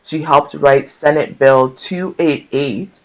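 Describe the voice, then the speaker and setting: A man's voice: a little high, slow. Man reading a book aloud with heartfelt asides. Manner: conversational, mixes reading aloud with emotional asides. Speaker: book-share host. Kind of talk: casual book reading with commentary. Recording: dull lo-fi sound.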